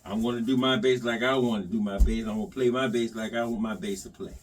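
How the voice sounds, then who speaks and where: A man, chatting casually to viewers while he works on his bass. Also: quick pace, distant mic. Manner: animated, talks to himself and the viewers while sanding. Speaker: bass modder. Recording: sanding noise, voice off-mic.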